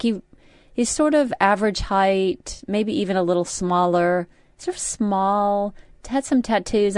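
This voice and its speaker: A middle-aged woman chats on a radio show and tells her story in loose, rambling bits with lots of restarts. Her voice is dry and close, with no room echo, and her pitch sits in the middle. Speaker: radio co-host. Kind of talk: casual chat. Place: radio studio.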